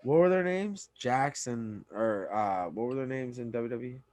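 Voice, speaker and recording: A man's voice: medium pitch, expressive, normal speed, darkish tone, no room sound. A man co-hosting a podcast, reviewing wrestling in a loose, profane casual chat and often trailing off mid-sentence. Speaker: podcast co-host.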